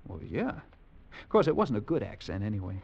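A wry, self-assured American adventurer. His pitch moves in lively swings, and his voice sits in dull, lo-fi old film sound. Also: fairly quick, gravelly, husky, exaggerated voice. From United States.

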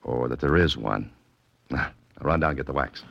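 A wry, self-assured detective in a 1940s radio drama, with a very low voice and a dry, wisecracking delivery. He gives orders coolly. The old broadcast sound is dull and lo-fi. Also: moderate pace, gravelly, slightly rough, dry recording, exaggerated voice. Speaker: private detective.

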